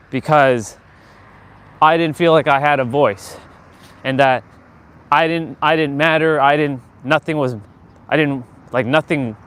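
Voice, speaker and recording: A man's voice: fairly high pitch, fairly bright tone. A man hosting a casual motivational livestream outdoors, talking earnestly in a rambling way with many fillers and restarts. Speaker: live-stream host.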